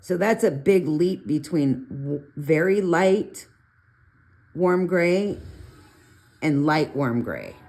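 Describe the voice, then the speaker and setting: A middle-aged woman with a low voice chats her way through a colored pencil tutorial. She rambles into asides and jumps up in pitch when something amuses her. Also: lively intonation, slow pace, pauses often, darkish tone. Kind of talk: casual art tutorial talk.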